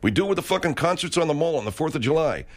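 American male radio host, profane rant, very lively pitch swings. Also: racing. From United States. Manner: swearing, rambling, emphatic. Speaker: talk show host.

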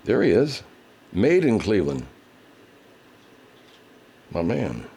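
Gravelly, profane man ranting on a livestream. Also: lowish voice, huge pitch swings, slow pace, dark tone. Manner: swears heavily, rants angrily; baby talk to his pet cat. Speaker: livestream host reading comments. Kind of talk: casual profane livestream chat.

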